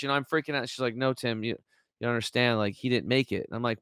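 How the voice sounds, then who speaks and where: A man's voice: medium pitch, steady tone, fast talker, bright, forceful tone, smooth, no echo, clean studio sound. A man telling a personal story as an interview guest on a video call, acting out the quoted dialogue with lots of fillers.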